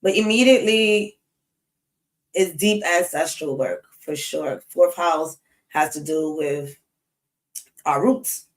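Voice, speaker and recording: A woman's voice: low voice, slow, pauses often, poor audio. A woman hosting an astrology live stream, chatting casually and animatedly with slang, speaking straight to her viewers' comments.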